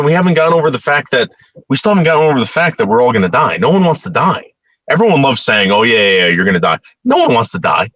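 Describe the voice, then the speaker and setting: Animated man rambling in a dry close voice. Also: on the low side, no room sound. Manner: rambling and animated, repeats words, grows heated. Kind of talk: casual monologue.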